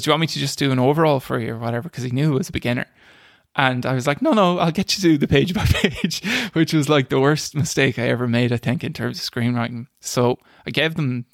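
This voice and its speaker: Man, young adult, gravelly voice, dry close sound, laughs at himself, casual interview. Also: medium pitch, steady tone, fast, no room sound. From Ireland. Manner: self-deprecating, laughs while telling stories, frequent restarts. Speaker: screenwriter guest.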